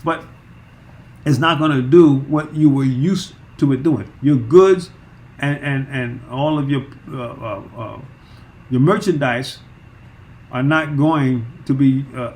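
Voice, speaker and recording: A man's voice: mid-range voice, a little slow, darkish tone, a little hiss or hum. A man teaching through a Bible chapter verse by verse, emphatic, with frequent repeats and fillers.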